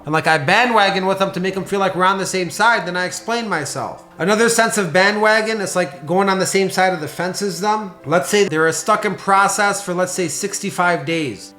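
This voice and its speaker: A man in his thirties with a fairly high voice coaches salespeople in a casual, lively way and acts out the lines he would say to clients. The sound is roomy and echoing. Faint music plays underneath. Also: fairly quick, hardly any pauses. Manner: energetic, conversational, acts out sample sales lines. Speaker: sales trainer. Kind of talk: sales training talk.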